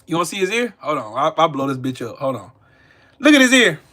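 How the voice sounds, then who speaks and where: A man's voice: on the high side, sing-song, quick pace, pushed and bright. A man hosting a casual livestream commentary, mocking and profane, repeating his jabs. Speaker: channel host.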